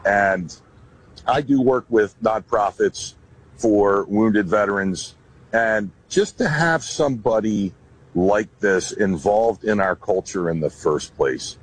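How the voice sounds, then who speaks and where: A military veteran speaking in an interview clip, blunt and defiant. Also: male voice, fairly low pitch, slow pace, breathy edge, poor audio.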